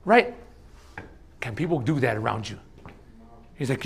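A man preaching a sermon as pastor, casual and animated, swinging between loud bursts and hushed asides. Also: medium pitch, a little slow, vocal fry, a little hiss or hum.

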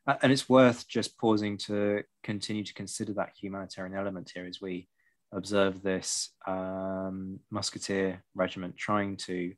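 A man hosting a podcast, talking through a strategy game in a measured way with dry historian's asides. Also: deep voice, little pitch movement. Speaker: podcast host. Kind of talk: casual discussion while playing.

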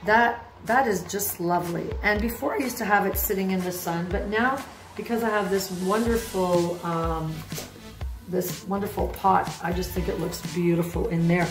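A woman's voice: on the low side, fairly even intonation, normal speed. Enthusiastic middle-aged woman touring her plants. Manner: enthusiastic, rambling, unsure of plant names. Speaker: mother giving a houseplant tour. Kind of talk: casual home video tour. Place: home room with plants. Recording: roomy home echo with music behind.

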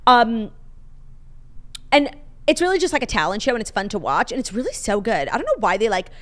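A woman's voice: on the high side, big pitch swings, brisk. A young woman co-hosting a casual podcast, gushing and swearing freely, with lots of fillers. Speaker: podcast co-host. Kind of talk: casual chat.

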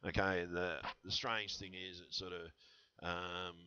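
Deep, tense-voiced man rambling. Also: little pitch movement, takes it slowly, sharp tone, clear, resonant tone, lo-fi sound. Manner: rambling, conspiratorial, full of fillers and restarts. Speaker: channel host. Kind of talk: rambling vlog monologue answering comments. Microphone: headset.

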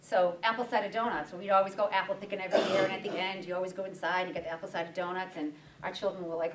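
A woman's voice: fairly low pitch, little pitch movement, racing, few pauses, noisy background. A woman who owns a bakery, speaking at a breakfast event and animatedly acting out quoted dialogue while telling stories. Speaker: bakery owner and guest speaker. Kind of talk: storytelling talk with audience questions. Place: meeting room at a breakfast event. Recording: roomy sound from a distance.

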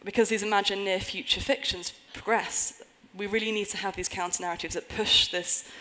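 A woman's voice: fairly low pitch, a bit bright, low-quality recording. A woman giving a conference talk on a stage before an audience, earnest with wry humorous asides. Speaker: conference speaker.

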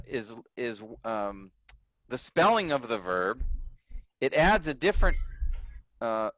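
A man's voice: fairly high pitch, fairly bright tone, no echo, poor audio. A man teaching a class, explaining grammar patiently and often checking whether his students follow.

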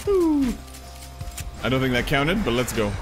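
Guy playing a game and going bang bang, bouncy up-and-down voice, slow talker, game music loud behind him. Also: medium pitch, huge pitch swings. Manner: chanting gunshot sound effects, playful. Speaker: let's play gamer. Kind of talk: live gameplay commentary. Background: video game music.

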